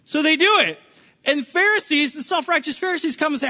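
Before an audience in an echoey church hall, captured in dull lo-fi sound, a pastor in charge of small groups gives a chatty sermon, often restarting words and putting questions to the room. He speaks fairly quickly in an extremely high, expressive voice with a bright, forceful tone.

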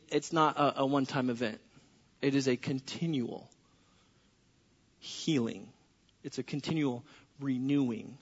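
A man's voice: high voice, sharp tone. A pastor preaching a sermon to his congregation, acting out the voices of people praying and talking with the people in the room. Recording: echoey hall, dull lo-fi sound.

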